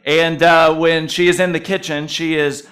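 A man's voice: a little high, little pitch movement, normal speed, a bit bright. A male pastor preaching a conversational sermon, telling stories with frequent "uh" fillers.

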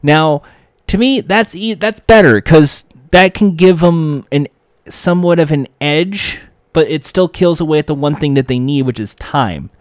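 Man, casual commentator, smooth clear voice, dry close mic. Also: on the high side, unhurried, no echo. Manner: animated, acts out quoted lines. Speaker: reality TV commentator.

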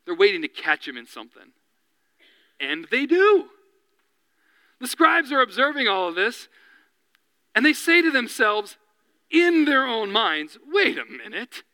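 A man preaching a sermon as pastor, animated, often dropping to a hushed, slow voice. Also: extremely high pitch, dry recording, low-quality recording.

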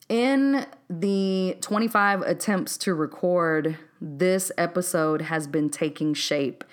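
A woman from Texas with a Texas accent, hosting a solo podcast in a candid, chatty, unscripted way with easy laughs. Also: lowish voice. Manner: candid, chatty, laughs easily, says "y'all" and "um". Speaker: podcast host.

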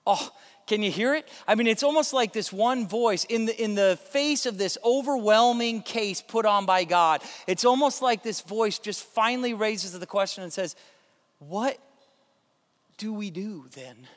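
A man preaching a sermon as pastor, in a conversational, animated way with plenty of fillers. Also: sits high, normal speed, long reverb tail.

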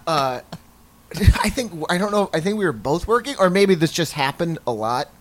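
High-voiced man cracking jokes in chat. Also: big pitch swings, a bit bright. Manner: quick jokey interjections, laughs along. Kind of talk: casual chat.

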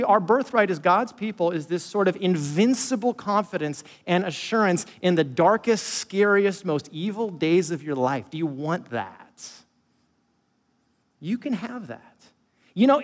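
Male pastor with a high voice, emphatic sermon delivery, hall echo. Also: animated, measured pace. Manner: emphatic, swings from loud to hushed storytelling.

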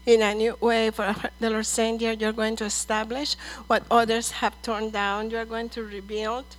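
A middle-aged woman ministering prophetic words over people in church, earnest and measured, calling them dear and brother. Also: fairly high pitch, little pitch movement, low-quality recording.

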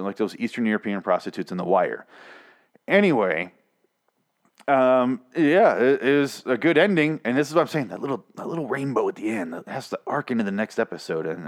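A man hosting a podcast alone, recapping a TV episode in a rambling, sarcastic, heavily profane way, close on the mic. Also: lowish voice. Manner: rambling, sarcastic, swears a lot, jumps into exaggerated outbursts. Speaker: podcast host reviewing a TV show. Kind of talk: casual profane solo recap.

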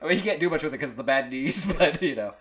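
A man co-hosting a loose podcast chat, his voice bright and swinging widely up and down. He laughs a lot and reads posts aloud in mock-dramatic voices. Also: a little high, animated, very fast. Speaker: podcast co-host. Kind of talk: casual chat.

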